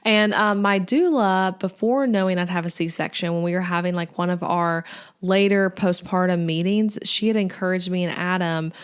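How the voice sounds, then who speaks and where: A young woman with a drawl hosts her own podcast and talks through it in a relaxed, chatty way. She fills her speech with likes and ums and sounds friendly and conversational. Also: on the low side, normal speed, smooth. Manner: chatty, lots of "like" and "um". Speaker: podcast host. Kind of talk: casual solo podcast talk.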